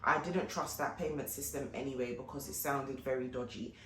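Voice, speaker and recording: A woman vlogger telling a story in a casual, animated way, often turning to her viewers. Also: rumbling low, fairly quick. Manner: animated, chatty retelling with frequent asides to viewers. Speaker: fashion and lifestyle vlogger. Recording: echoey room with faint background noise.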